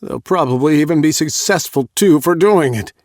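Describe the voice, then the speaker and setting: A man's voice: fairly low pitch, moderate pace, no echo, studio quality, natural voice. A man voicing an upset young male writer who rants in frustration. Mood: indignant. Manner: rising and agitated, ranting.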